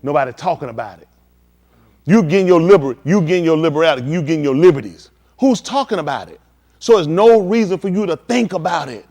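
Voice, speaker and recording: His voice sits high with a darkish tone, expressive and fast. Preaching at a scripture teaching that is streamed live, he uses slangy street talk, speaks emphatically, and keeps firing rhetorical questions at the audience.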